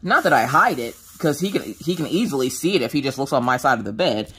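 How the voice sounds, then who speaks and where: Animated woman telling a story. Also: very deep voice, fast talker, a little hiss or hum. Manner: animated storyteller acting out quotes, mild swearing. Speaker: craft vlogger. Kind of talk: casual storytelling chat.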